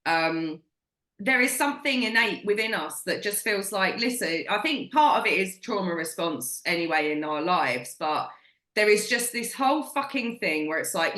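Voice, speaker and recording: Brit woman in her 40s, blunt and sweary, bright voice, echoey room. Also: mid-range voice, animated, normal speed. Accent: British. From Britain. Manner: blunt, emphatic, swears freely. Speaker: podcast co-host. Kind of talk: casual chat.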